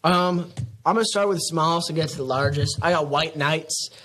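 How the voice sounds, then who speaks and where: A man's voice: on the high side, brisk, sharp tone. A young man in his late teens, a student guest on a podcast, musing in a rambling, mock-preachy way. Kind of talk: casual podcast chat.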